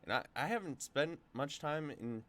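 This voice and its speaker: A man co-hosting a podcast in casual chat, relaxed and laid-back. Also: on the high side, normal speed. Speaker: podcast co-host.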